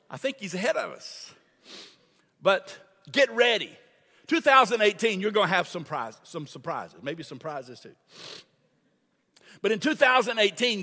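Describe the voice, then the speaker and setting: A man's voice: high-pitched, expressive, unhurried, long pauses, bright, forceful tone. An older man preaching a sermon in a church, repeating phrases and calling the congregation to answer back. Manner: call-and-response preaching, repeats phrases for emphasis. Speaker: pastor. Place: church sanctuary. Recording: long hall reverb.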